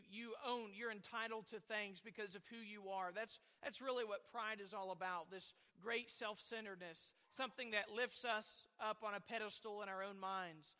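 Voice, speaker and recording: A man's voice: high-pitched, pushed and bright, big-room sound. A man preaching a sermon, rambling at times and asking the congregation questions. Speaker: pastor.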